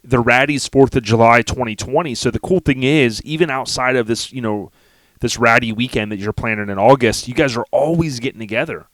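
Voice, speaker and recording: A man's voice: medium pitch, a little fast, a bit bright, dry recording, studio quality. A man hosting a podcast in casual conversation, enthusiastic and full of slang. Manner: enthusiastic, slangy, calls guest dude and man. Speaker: podcast host.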